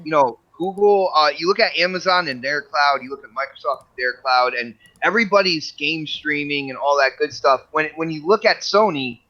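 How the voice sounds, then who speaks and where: A man with a fairly high, bright, tense voice talks animatedly on a gaming podcast panel and stumbles over repeated words. His audio is dull and lo-fi. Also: moderate pace, hardly any pauses. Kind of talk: casual panel chat.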